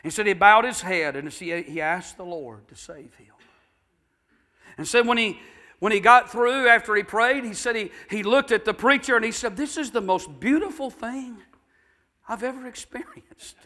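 A man preaching a sermon, telling a story in a folksy way and rising to fervent shouted exhortation. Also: high-pitched, moderate pace. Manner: folksy, builds to shouting fervor.

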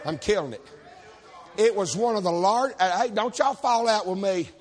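A man preaching, folksy and shouting, calling on the congregation for amens. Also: high voice, moderate pace. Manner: folksy, shouting, calls for amen. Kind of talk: fiery preaching with stories. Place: church service.

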